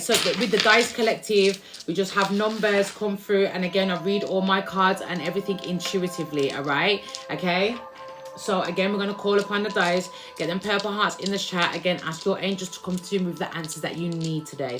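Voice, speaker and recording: A woman giving a casual, rambling live tarot reading to her viewers, repeating herself and restarting her words as she goes. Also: on the low side. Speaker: tarot reader.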